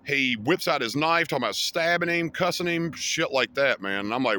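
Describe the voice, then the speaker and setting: A man's voice: a little high, lively intonation, brisk, few pauses, sharp tone, a little hiss or hum. A man vlogging, recounting a fight in a rambling, casual way with heavy swearing and many fillers. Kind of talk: casual storytelling to camera.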